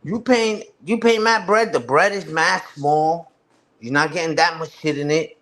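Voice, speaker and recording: High-voiced New man riffing. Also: measured pace, a bit bright. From New York. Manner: loose, slang-heavy, profane storytelling with many restarts. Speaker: live streamer. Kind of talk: casual chat with a live audience.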